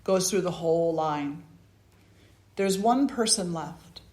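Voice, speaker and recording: A woman spiritual teacher telling a parable and preaching in an earnest, measured manner. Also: on the low side, a little mellow. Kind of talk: storytelling sermon. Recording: roomy echo.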